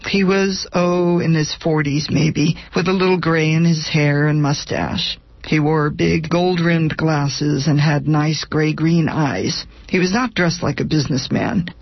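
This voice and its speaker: A woman's voice: sits low, vocal fry, slightly rough, no echo, highs cut off. A woman, a guest author, reading an excerpt of her memoir aloud in a dry, wry storytelling manner.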